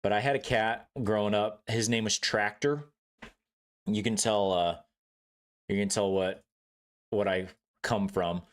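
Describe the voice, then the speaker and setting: A young man with a voice sitting a little low chats casually while he games. His talk rambles and swears freely, and he laughs often and acts out loud outbursts. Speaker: streamer. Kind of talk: casual chat while gaming.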